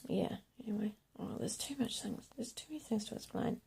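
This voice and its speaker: A woman rambles through a monologue to camera, her voice heavily gravelly with a mellow, dark color. She often sinks into a hushed whisper between stretches of plain talk. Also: medium pitch, fast. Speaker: video blogger.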